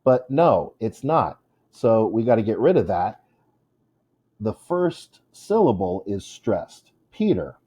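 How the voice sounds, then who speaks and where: A man teaching English in a recorded lesson, his voice mellow and dark and rising and falling a lot. He talks at an unhurried pace and stretches out syllables to show where the stress falls. Now and then he jokes with his students. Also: lowish voice, breathy edge. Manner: lively, joking, drawn-out stressed syllables. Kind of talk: classroom video lesson.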